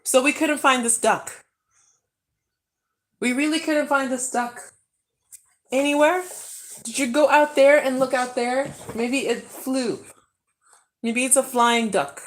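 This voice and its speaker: A woman's voice: high-pitched, slow pace, pauses often, poor audio. A young woman vlogging casually at home with her family, chatting animatedly to her kids and viewers. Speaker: parent vlogger. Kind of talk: casual family vlog chat.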